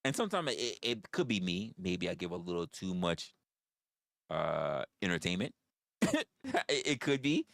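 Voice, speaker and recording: A man's voice: low-pitched, sing-song, normal speed, vocal fry, a bit bright, dry recording, studio quality. Blunt, stammering male livestream host. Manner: blunt, repetitive, stammering restarts, profane. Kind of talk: casual chat with viewers.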